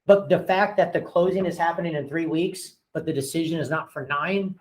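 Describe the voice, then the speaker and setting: Here a man with a fairly high, darkish voice talks fairly quickly, captured on a rough recording. As a broker and owner coaching his agents in a loose session, he tells blunt stories from work and performs phone calls with voices, chatting along with many fillers.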